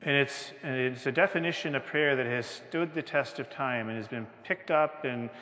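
A man preaching a sermon slowly and emphatically, with dramatic pauses. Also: medium pitch, pushed and bright. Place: church. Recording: long church reverb.

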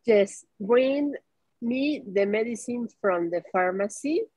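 A woman student on a video call, slowly and tentatively working through a class exercise. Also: on the high side, lively intonation, a little mellow, no room sound. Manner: very slow, tentative. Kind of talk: reading an exercise in online class. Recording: dull lo-fi call audio.

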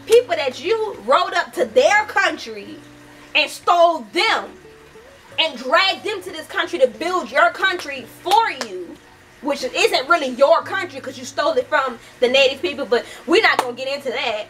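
A woman's voice: sits high, expressive, moderate pace, pushed and bright, distant mic, low-quality recording. A young woman from the United States giving a heated, casual book review, swearing often and talking animatedly.

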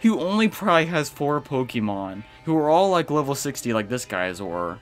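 A young adult man doing casual gaming commentary as a streamer, animated and rambling with many fillers. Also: medium pitch, normal speed, faint music behind. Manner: animated, rambling, lots of fillers, reads game text aloud.

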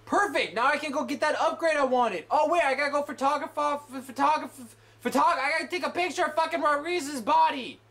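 A man's voice: extremely high pitch, fast talker, fairly bright tone. A young man giving let's play commentary, swearing in exasperated outbursts. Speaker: gamer.

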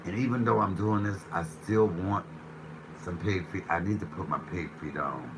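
A man's voice: low voice, normal speed, background noise. A man hosting a live cooking stream from his kitchen, chatting playfully with viewers as he reads their comments and jokes around. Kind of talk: casual live-stream chat reading comments.

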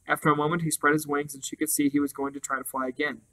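A man reading a children's novel aloud in a steady, even way, with small slips now and then. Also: on the high side, racing, poor audio. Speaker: storybook reader.

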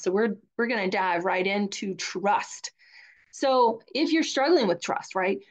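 Chatty Southern woman coach. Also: medium pitch. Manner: candid, chatty, repeats words. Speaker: divorce coach. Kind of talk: live webinar talk.

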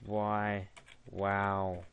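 A man's voice: lowish voice, level tone, extremely slow, creaky, a bit bright, clear, resonant tone, muffled recording. A young man giving casual gaming commentary, mocking and laughing at a chatbot. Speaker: gaming video creator.

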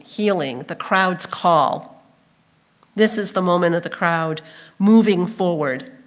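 A woman pastor delivering a sermon, telling the story expressively and acting out the crowd's voices. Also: fairly low pitch. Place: church sanctuary.

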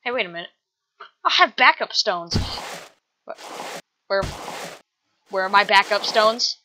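A woman's voice: mid-range voice, lively intonation, measured pace, pushed and bright, slight background noise, low-quality recording. A woman voicing a cocky, boastful male spider king who gets flustered easily. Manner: brash, flustered, joking.

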